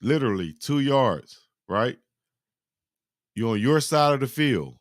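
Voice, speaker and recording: A man hosting a live football highlight reaction, giving animated, slangy play-by-play and talking to his chat. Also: measured pace, no echo, clean studio sound. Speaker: sports reaction host.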